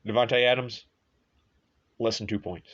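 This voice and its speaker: A man's voice: mid-range voice, a little slow, fairly bright tone, highs cut off. A man hosting a sports show, talking casually and bluntly, with frequent swearing and offhand asides. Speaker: sports podcast host. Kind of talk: casual sports and betting talk.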